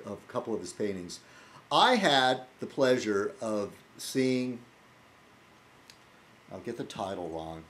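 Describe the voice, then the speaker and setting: A man talking casually in his weekly video blog, rambling and wry, with frequent fillers and restarts. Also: lowish voice. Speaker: video blogger.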